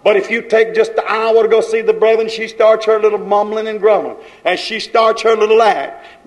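A man's voice: high-pitched, fairly even intonation, normal speed, few pauses, low-quality recording. A man preaching a fiery sermon, scolding his congregation in rhythmic, repeated phrases and folksy grammar.

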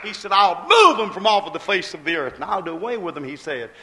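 High bright-voiced folksy male preacher. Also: expressive, quick pace, a little hiss or hum. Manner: storytelling preacher who acts out God's voice low and rising loud; folksy dialect grammar. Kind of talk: sermon.

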